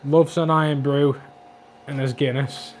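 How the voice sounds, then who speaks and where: A man in his twenties with a Scouse accent, chatting quickly and jokily on a livestream about his aquarium, reading out viewer comments. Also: a little high, flat delivery, a little mellow, a little hiss or hum. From Liverpool, England. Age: 20s. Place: flat at home.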